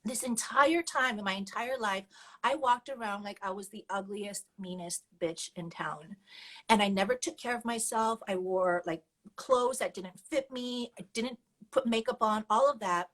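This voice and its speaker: A woman's voice: medium pitch, moderate pace, a bit bright, low-quality recording. A woman guest telling her personal story candidly and animatedly, laughing often as she goes.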